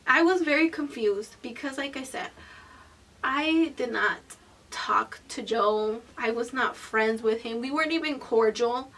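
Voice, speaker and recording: Woman, 20s, high-pitched, slightly off-mic, blunt and expressive storytime narration. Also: moderate pace, distant mic, slight background noise. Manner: animated, profane, candid storytelling; swings between loud bursts and hushed whispered asides. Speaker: vlogger. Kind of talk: storytime vlog.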